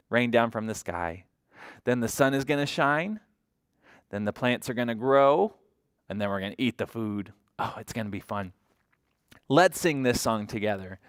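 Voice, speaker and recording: A woman's voice: a bass voice, clean tone, dry recording, studio quality. A woman librarian reading a picture book at toddler story time in a sing-song, coaxing voice, often asking the children questions.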